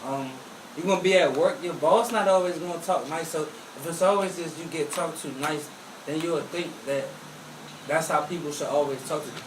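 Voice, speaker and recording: A man's voice: a little high, brisk. A man chatting casually on a talk show, laid-back and profane, laughing often. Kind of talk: casual podcast chat. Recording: echoey room, distant mic, audible noise.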